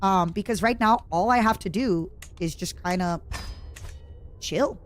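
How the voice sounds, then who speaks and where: A woman streamer giving chatty, self-mocking commentary while playing a strategy game, now and then bursting into excited shouts. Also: medium pitch, measured pace, slight background noise. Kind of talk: casual gameplay commentary.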